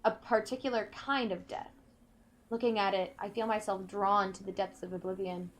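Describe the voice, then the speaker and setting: A woman playing a video game, reading in-game notes aloud slowly and carefully, breaking off now and then to comment. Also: medium pitch, steady tone. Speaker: let's play gamer.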